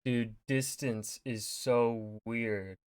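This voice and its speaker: A man's voice: medium pitch, fairly even intonation, very slow, clean tone, dry recording, clean studio sound. A man giving casual reaction commentary as a historian, rambling loosely and swearing freely.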